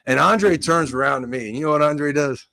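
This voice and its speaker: A former college offensive lineman tells stories in a laid-back sports podcast chat, his voice a little high and brisk with no echo. He's an animated storyteller who acts out quotes and keeps saying "dude."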